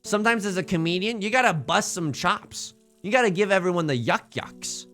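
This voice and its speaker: A man's voice: sits high, fairly quick, fairly bright tone, faint music behind. A man streaming a game, joking around and reading the game's text aloud in silly voices. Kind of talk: casual game commentary.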